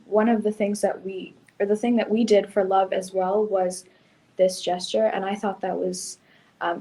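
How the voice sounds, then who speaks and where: A woman's voice: medium pitch, darkish tone, poor audio. A woman who sings in a choir describes her group's gestures, speaking hesitantly over a video call. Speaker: choir singer. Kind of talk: casual reflective explanation.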